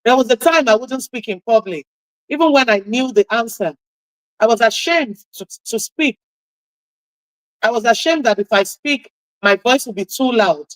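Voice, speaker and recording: A woman with a husky voice hosting a radio talk show, giving an impassioned motivational talk and repeating key phrases for emphasis. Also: fairly high pitch, expressive, moderate pace, no echo, poor audio.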